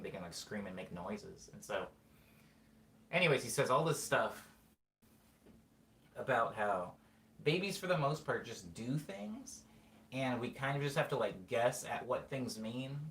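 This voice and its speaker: A man's voice: medium pitch, animated, a little slow, a bit bright, slight background noise. A man talking through a casual, rambling monologue as host, full of fillers and restarts. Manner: rambling, filler-heavy, self-correcting. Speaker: podcast host. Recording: echoey room with faint ambience.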